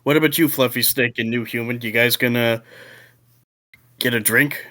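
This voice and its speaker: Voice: mid-range voice, fairly even intonation, moderate pace, bright, forceful tone. Laughing game master narrating. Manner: laughing, loose narration with fillers. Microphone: online voice call.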